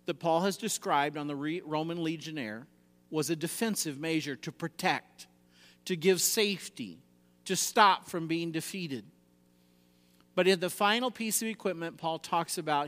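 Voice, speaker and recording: A man preaching a sermon, emphatic, swinging between loud exhortation and quiet, low passages. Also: big-room sound.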